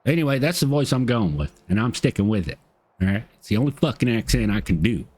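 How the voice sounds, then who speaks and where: A man's voice: mid-range voice, very animated, quick pace, darkish tone. A middle-aged man streaming a game, chatting casually and crudely, joking and swearing freely. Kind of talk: casual gaming stream chat.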